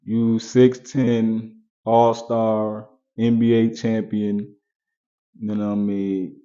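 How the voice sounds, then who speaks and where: Speaking slowly and flatly at a fairly low pitch, with a dark tone and dull audio, a man chats to viewers in his commentary vlog. He goes over his points more than once and speaks straight to the audience.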